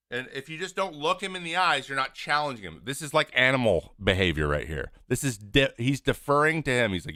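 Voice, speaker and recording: A man with a bright, forceful voice pitched a bit high talks casually over a replay. He acts out each player's lines with big swings of pitch and loudness. He sounds blunt and openly exasperated. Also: a little fast. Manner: animated, acts out what players say. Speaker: host, former pitcher. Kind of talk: casual video breakdown commentary.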